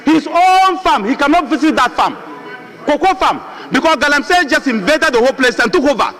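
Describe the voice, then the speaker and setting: A Ghanaian man speaking in parliament, driving home his points with repeated rhetorical questions. His voice sits very high and rings bright and forceful. The long reverb of a large parliament chamber trails behind every word. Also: lively intonation, fairly quick. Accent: Ghanaian English. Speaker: member of parliament. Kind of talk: parliamentary debate speech.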